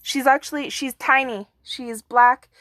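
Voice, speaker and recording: A woman's voice: high-pitched, steady tone, moderate pace, a bit bright, no room sound. Chatty woman, close and dry. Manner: chatty and rambling, with many fillers. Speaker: earthquake forecaster. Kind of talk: casual video update.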